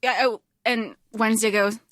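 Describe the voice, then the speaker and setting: High-voiced laughing woman, dry sound. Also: steady tone, moderate pace, fairly bright tone, dry recording. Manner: chatty, laughs often, swears casually. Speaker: podcast co-host. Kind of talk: casual chat.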